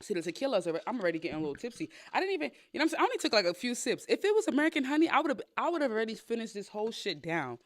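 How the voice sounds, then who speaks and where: A woman hosting a podcast, giving candid dating advice in a blunt, sassy, profane big-sister way with animated storytelling. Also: on the high side, racing, few pauses. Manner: animated storytelling with playful quoted voices. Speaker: podcast host.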